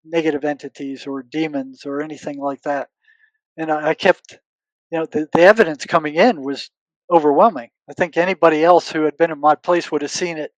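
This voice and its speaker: An older man speaks as an interview guest, his voice sitting a bit high for a man. He tells stories earnestly, repeating words as he searches for them and acting out old conversations. The sound is close and dry. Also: dry recording, low-quality recording. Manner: relives past conversations, quoting himself and others. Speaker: guest, retired psychotherapist. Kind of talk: conversational storytelling.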